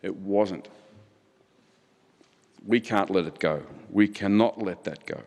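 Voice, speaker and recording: A man's voice: deep voice, slow, darkish tone. A middle-aged man giving an impassioned conference keynote, building his points through rhetorical repetition. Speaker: keynote speaker. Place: large conference hall. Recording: hall reverb.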